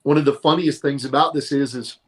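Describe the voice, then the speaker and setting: A middle-aged man telling his career stories in a casual, animated interview, often quoting other people. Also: medium pitch, fairly quick. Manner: animated, tells stories with quoted voices. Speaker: guest, monster truck announcer.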